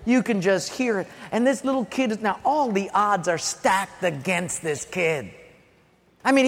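A man preaching a lively, jokey sermon, acting out sounds as he tells a story. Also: sits high, in a large hall. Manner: animated, jokey, acts out sounds.

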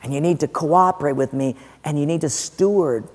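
A preacher voicing a calm, rebuking God. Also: male voice, a little high, a little fast, big-room sound, natural voice. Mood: gently rebuking. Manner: calm, quiet, gently rebuking. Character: patient, firm God speaking to grumblers.

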